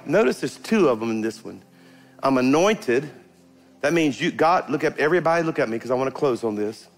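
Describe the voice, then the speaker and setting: A medium-pitched, middle-aged pastor delivers an animated sermon to the congregation in a church sanctuary. Emphatic throughout, he shouts out to the people and breaks into bursts of fervor.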